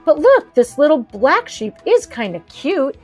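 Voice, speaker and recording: A woman voicing an eager, chatty young schoolgirl with an excited, squeaky manner. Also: soft background music. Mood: eager girl. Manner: excited and squeaky, quick to whine.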